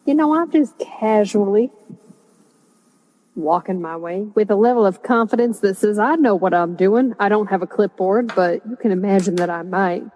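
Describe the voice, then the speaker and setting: Woman, tabletop player, breezy, self-assured, mid pitch. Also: moderate pace, dark tone, rough recording. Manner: breezy, confident. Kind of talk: casual tabletop game chat.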